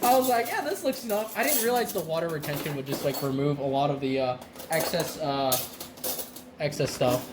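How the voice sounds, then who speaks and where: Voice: medium pitch, a little fast, background noise. A streamer chatting casually while cooking on a live stream, rambling and laughing often. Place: home kitchen.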